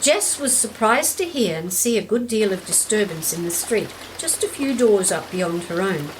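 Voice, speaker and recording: Woman narrator, measured and gentle story reading, clear rain sound behind. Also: mid-range voice, slight background noise, rough recording. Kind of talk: scripted narration. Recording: steady rain in background.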